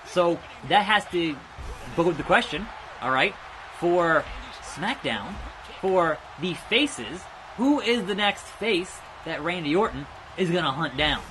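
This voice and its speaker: A young man giving rambling let's play commentary, chatting about wrestling news and reacting loudly to the game as he plays. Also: sits high, lively intonation, takes it slowly, noisy background. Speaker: gaming YouTuber.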